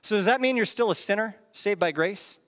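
A man's voice: high voice, brisk, fairly bright tone. A man preaching a sermon into a handheld microphone, conversational, with rhetorical questions and chuckles at his own asides. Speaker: pastor. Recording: reverberant hall.

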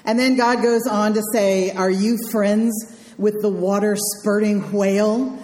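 A woman minister delivers a conversational sermon, dropping dry, wry asides as she goes. Her voice is mellow and relaxed. The sound rings out with the long echo of a large sanctuary. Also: mid-range voice, unhurried, a little hiss or hum. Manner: wry, dryly humorous asides. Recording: echoey hall sound.

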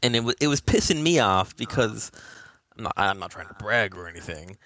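A man's voice: fairly low pitch, expressive, a little fast, bright, forceful tone. Profane, exasperated man telling a gaming story. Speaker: podcast co-host. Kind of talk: casual chat. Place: gaming podcast recording.

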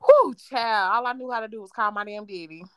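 A woman with a slightly high voice co-hosts a casual podcast and tells a story full of swearing and laughter. Her sound is dry and close, with no room around it. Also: a little fast, clean tone, no echo. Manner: profane, animated, laughing storytelling. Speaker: podcast co-host.

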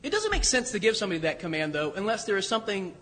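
A priest preaching a sermon, his voice pitched high for a man. He talks in a loose, conversational way with asides. The sound rings with the long reverb of a church. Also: huge pitch swings, racing, pushed and bright. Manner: conversational, self-deprecating, with restarts and asides.

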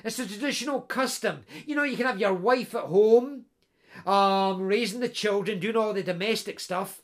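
A man's voice: sits high, normal speed, natural voice. A man voicing a boisterous young best friend, jovial and chatty, nudging his friend along. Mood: jovial teasing.

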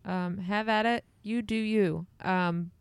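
A woman co-hosting a podcast, speaking unhurriedly in a smooth, clear voice. She drops playful, deadpan quips and restarts sentences as she thinks. Her voice is dry and close to the mic. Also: medium pitch, slow pace, dry recording. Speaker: podcast co-host. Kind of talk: casual chat.

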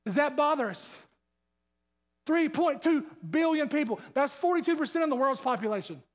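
A man preaching from the pulpit in a strikingly high voice. He is fired up and sweating, hammering the room with rhetorical questions and repeating phrases as he drives his point home. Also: animated, normal speed. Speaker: pastor. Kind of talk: sermon.

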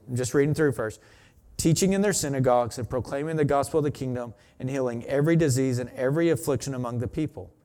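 A man preaching a sermon. He talks in a relaxed, chatty way and rises into emphatic reading of scripture. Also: mid-range voice. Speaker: pastor.

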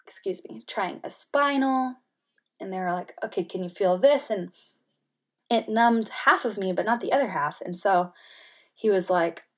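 A woman speaking as an interview guest, telling a personal story candidly with many "like" fillers and softening at times to a near-whisper. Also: mid-range voice, a little slow, pauses often. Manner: candid, heavy use of "like" fillers; emotional, drops to soft near-whispers.

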